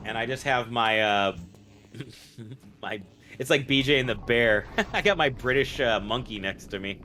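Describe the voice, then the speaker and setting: A man's voice: medium pitch, unhurried, pushed and bright. Rambling, jokey man streaming a game. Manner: rambling, jokey, swears freely. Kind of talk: casual gaming livestream chat.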